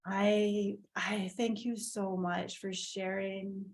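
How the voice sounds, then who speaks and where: Soft, slow-spoken woman hosting a call. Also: medium pitch, little pitch movement. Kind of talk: video call workshop. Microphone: video call.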